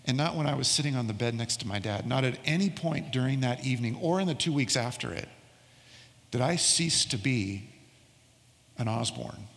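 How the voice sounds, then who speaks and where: A middle-aged male pastor delivers a sermon in a mid-pitched voice, weaving a childhood story into scripture. He slows right down on the words he wants to land. The sound carries a long reverb of a church hall. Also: animated, vocal fry, fairly bright tone.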